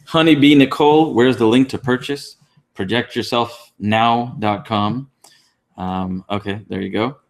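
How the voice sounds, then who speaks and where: A man's voice: mid-range voice, a little slow. A man co-hosting an online class, talking casually with many fillers and restarts. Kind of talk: casual teaching talk. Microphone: online class call.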